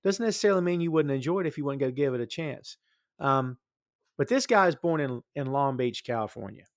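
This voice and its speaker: A man's voice: medium pitch, animated, a little fast, no room sound, studio quality. A man with a Southern US accent hosting a podcast, chatting casually with many fillers and frequent laughs. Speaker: podcast host.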